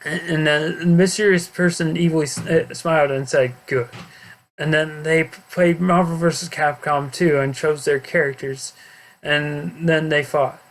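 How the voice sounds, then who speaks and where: A man with a slightly high voice reads out his own homemade story over gameplay. He reads haltingly, tripping over words and restarting as he goes. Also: steady tone, fairly bright tone. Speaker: narrator.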